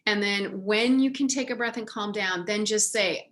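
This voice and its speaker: A woman's voice: mid-range voice, normal speed, few pauses, fairly bright tone. A woman sex educator teaches a casual online class in a chatty, candid way. She keeps it conversational and now and then acts out short lines a parent might say. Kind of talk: casual online training talk.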